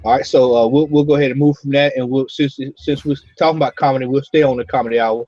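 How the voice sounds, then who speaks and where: A man hosting a casual comic-book roundtable, talking, animated, laughing and repeating his words. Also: mid-range voice, fast, dry recording, soft background music. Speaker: podcast host. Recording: dull lo-fi recording.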